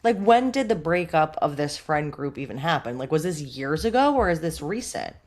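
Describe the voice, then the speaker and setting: A woman co-hosting a podcast in casual chat, asking quick, curious follow-up questions. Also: low voice, big pitch swings, a little mellow. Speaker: podcast co-host.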